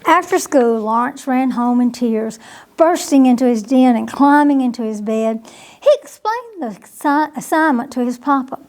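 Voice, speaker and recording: A woman librarian reading a bedtime picture book aloud to children, gently, pausing to ask them questions. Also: high-pitched, lively intonation. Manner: slow, gentle, asks the listeners questions.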